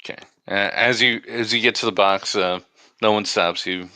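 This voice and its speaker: A man narrating as game master of a tabletop game, in a halting, stop-and-start way. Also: on the low side, steady tone, bright, forceful tone, no room sound.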